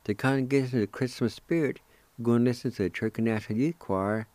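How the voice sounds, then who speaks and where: A man's voice: mid-range voice, fast talker, a little mellow, no room sound. A middle-aged man hosting a radio language lesson, patiently spelling out and repeating each word syllable by syllable. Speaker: radio host teaching Cherokee words.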